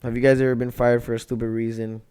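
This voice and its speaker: A man's voice: medium pitch, level tone, fast talker, darkish tone, smooth. A young man co-hosting a podcast in casual chat, laid-back and drawling, swearing casually as he talks. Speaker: podcast co-host.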